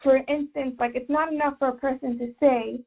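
A woman's voice: sits high, steady tone, a little fast, husky, narrow, tinny audio. A woman teaching a religious class mixed with life coaching, explaining step by step and repeating phrases as she thinks.

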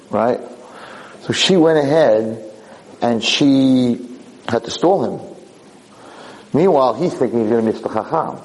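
New rabbi telling a story to a class, lively and animated. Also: male voice, a little slow, long pauses, rough recording. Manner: animated, acts out yelling characters in high pitch. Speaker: rabbi lecturer. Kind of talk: storytelling Torah lecture.

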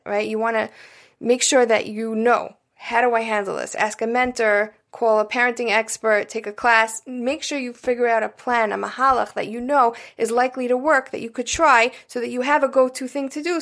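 A woman's voice: mid-range voice, vocal fry. A woman giving a casual spoken parenting lesson, coaching listeners directly and often checking in with "right?" and "you know". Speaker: parenting educator.

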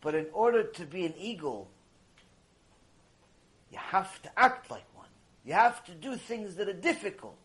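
A man with a fairly high voice delivers a mussar lecture. He exhorts his listeners with passion, sinking to hushed lines and then rising sharply in volume. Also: sing-song, moderate pace, pauses often. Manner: impassioned, exhorting, big swings between hushed and loud. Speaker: Torah lecturer.

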